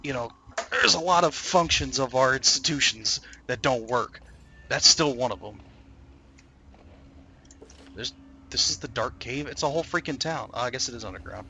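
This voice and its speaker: A man's voice: medium pitch, animated, normal speed, gravelly, long pauses, bright, forceful tone, slight background noise. A man chatting casually and rambling while playing a game, swearing often and filling his talk with "like" and "um". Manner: rambling, profane, lots of fillers. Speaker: gaming streamer. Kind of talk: casual chat while gaming.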